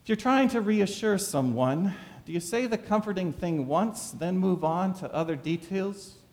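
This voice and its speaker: High, lively preaching man. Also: moderate pace, long reverb tail. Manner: dramatic preaching with rhetorical questions. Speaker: pastor. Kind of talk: sermon.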